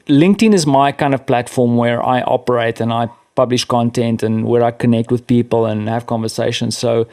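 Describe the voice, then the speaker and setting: A man's voice: mid-range voice, darkish tone. A man with a South African accent, a podcast guest talking in a casual, self-deprecating way with many restarts. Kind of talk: casual conversation.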